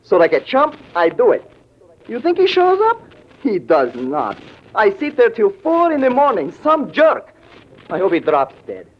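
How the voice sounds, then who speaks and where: An excitable jive-talking young pianist. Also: male voice, high voice, a little slow, exaggerated voice. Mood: chatty jive. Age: young adult. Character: jive-talking young piano player, eager, chatty. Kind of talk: 1940s radio acting. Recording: dull old radio recording.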